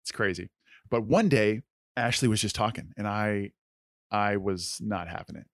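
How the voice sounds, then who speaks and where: Man, podcast co-host, earnest storytelling, lowish voice, dry close sound. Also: moderate pace, no echo. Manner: earnest, conversational, many "like" fillers.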